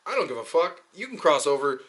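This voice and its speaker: A man's voice: a little high, very animated, fast, a bit bright. A young man talking in a rambling, profane, joking way, often slipping into mocking quoted voices. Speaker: podcast host. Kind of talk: casual rambling monologue.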